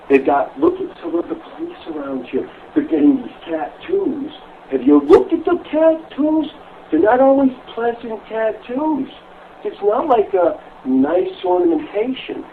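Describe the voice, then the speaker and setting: A man's voice: high-pitched, vocal fry. Rambling middle-aged man on a muffled call. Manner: rambling, repeats himself, swears freely. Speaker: prank call victim. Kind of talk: rambling phone conversation. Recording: muffled lo-fi call recording with faint hiss.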